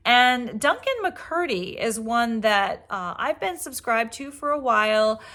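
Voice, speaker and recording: A woman's voice: a little high, lively intonation, unhurried. Chatty woman hosting a book channel. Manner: chatty, rambling, warm praise of other creators. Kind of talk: casual chat.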